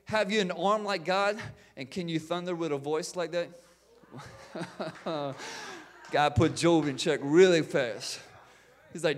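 A pastor preaching a sermon, building in fervor, with repeated words and calls of amen. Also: male voice, fairly high pitch, measured pace, pauses often.

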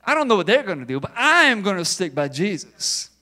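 A man's voice: high-pitched, very animated, a little fast, sharp tone, pitched above the performer's own voice, full character voice. A man preaching who voices a cocky, boastful male disciple as he vows loyalty, in a brash and emphatic way.

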